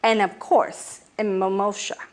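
A woman's voice: mid-range voice, level tone, a little slow, natural voice. A woman voicing a haughty, aloof male sky god who speaks in smug declarations.

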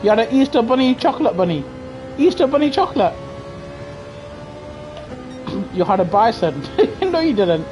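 A woman doing live racing gameplay commentary, excitable and trash-talking other drivers, bursting into shouts. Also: fairly high pitch, normal speed, long pauses, music in the background. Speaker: gaming streamer.

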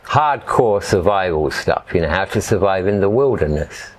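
With a low voice, lively intonation and moderate pace, this middle-aged man from England rambles casually through stories as an interview guest, frequently slipping in "you know."

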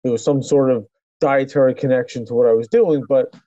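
A man's voice: medium pitch, fairly even intonation, fairly quick, mellow, dry recording, highs cut off. A middle-aged man, a chiropractor, telling his story in a casual interview with many restarts and fillers. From New York. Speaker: chiropractor guest.

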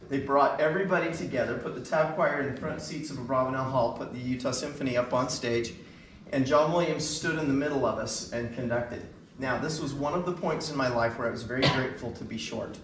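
A man's voice: medium pitch, slight background noise. Enthusiastic man telling stories in an echoey hall. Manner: enthusiastic anecdotal storyteller, many fillers. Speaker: band concert speaker. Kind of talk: storytelling from stage. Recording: echoey hall, mic at a distance.

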